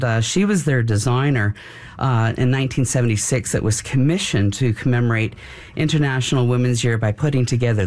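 A man hosting a casual radio interview in a studio, chatty and quick to laugh, sounding a little out of breath. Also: medium pitch, a little mellow. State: slightly out of breath. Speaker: radio host. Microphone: studio microphone.

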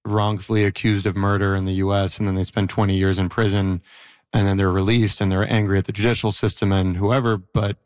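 A man in his thirties, an interview guest, talking reflectively with many pauses and fillers. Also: sits low, flat delivery, clear, resonant tone, dry recording. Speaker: interview guest, former prisoner. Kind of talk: conversational interview.

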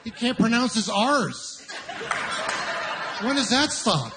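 A man doing stand-up comedy, telling stories in an incredulous, exasperated way with quick asides, with an audience laughing. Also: extremely high pitch, very animated, bright, forceful tone. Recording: live venue with audience noise.

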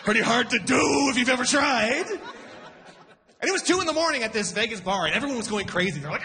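A man in his forties doing a stand-up comedy set, shouting character voices for punchlines. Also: extremely high pitch, expressive, fairly quick, a faint crowd.

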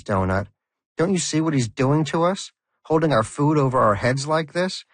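A man's voice: medium pitch, no echo. A man voicing a skeptical, hot-tempered male pet hamster who talks in an exasperated, incredulous way over background music. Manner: exasperated, incredulous, raised and sharp.

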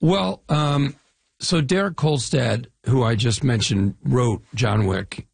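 A middle-aged man from the Chicago area talks in a casual interview, spinning animated stories full of lists and restarts. His voice is gravelly and slightly husky. It sounds close and dry, with no room around it. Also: medium pitch, slow, no echo. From Chicago area, US Midwest. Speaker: actor guest.

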